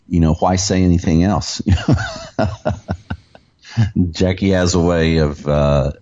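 A man hosting a talk show who speaks in a relaxed, hesitant way and chuckles easily. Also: deep voice, muffled recording. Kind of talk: casual radio talk.

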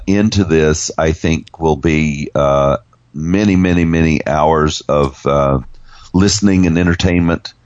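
A man co-hosting a radio show, making a promotional announcement in a halting way with many fillers. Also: extremely low pitch, no room sound, muffled recording.

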